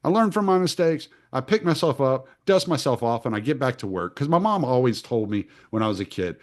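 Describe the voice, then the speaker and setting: A middle-aged man hosting a podcast, telling stories in blunt, profane casual talk that gets animated. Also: mid-range voice, a little fast. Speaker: podcast host. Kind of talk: casual conversational storytelling.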